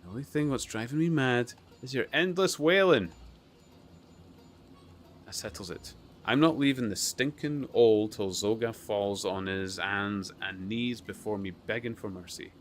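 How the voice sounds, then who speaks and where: A man's voice: on the low side, measured pace, soft background music, natural voice. A man playing a brash, scornful warrior woman. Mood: defiant. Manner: blustering, scornful, rough talk. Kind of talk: reading a game's story aloud.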